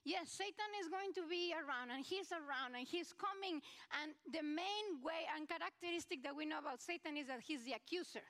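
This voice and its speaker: A woman pastor with a Mexican accent preaches to her congregation in a chatty, personal way. Her voice sits high. She speaks in a church. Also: a little fast, few pauses. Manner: warm, conversational preaching with asides to the congregation. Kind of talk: sermon. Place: church sanctuary.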